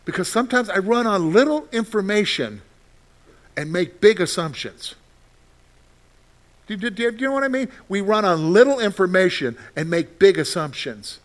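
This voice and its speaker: A man preaching a sermon as pastor, acting out frantic prayers and then dropping to soft, reassuring words. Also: high voice, animated, moderate pace.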